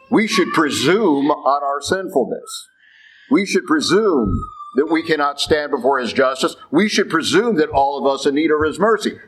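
A man's voice: fairly high pitch, a bit bright, rough recording. A man preaching a sermon as a Catholic priest, talking conversationally with rhetorical questions and frequent check-ins with the congregation.

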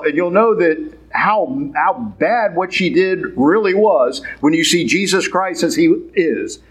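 A man's voice: on the high side, animated, unhurried, husky, low-quality recording. A man giving a sermon in a conversational, wry, emphatic way.

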